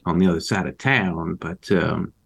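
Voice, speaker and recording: A man voicing a gruff, hot-tempered small-town male rancher during a tabletop game, talking in a folksy, halting way full of fillers and cursing. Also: low-pitched, fairly bright tone, exaggerated voice. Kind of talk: in-character role-play.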